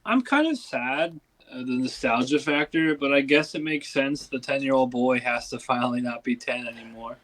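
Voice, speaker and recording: Rambling co-host with the hiccups. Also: male voice, medium pitch, flat delivery, brisk, few pauses, fairly bright tone, rough recording. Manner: rambling, lots of "like" and restarts. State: has the hiccups. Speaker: podcast co-host. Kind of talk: casual podcast chat.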